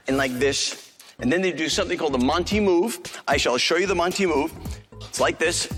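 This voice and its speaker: Fast-joking New street magician. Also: male voice, on the high side, fairly bright tone. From New York City. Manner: fast, joking showman patter with self-corrections. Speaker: magician performing on stage. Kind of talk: comic stage patter. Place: TV studio stage with live audience. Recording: live TV stage with music and audience.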